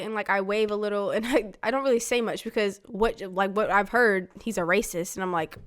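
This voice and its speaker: A woman's voice: medium pitch, fairly even intonation, brisk, hardly any pauses, fairly bright tone. A woman casually telling her life story to her father, peppering her talk with "like" and acting out what people said. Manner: chatty, fills talk with "like", acts out quoted lines.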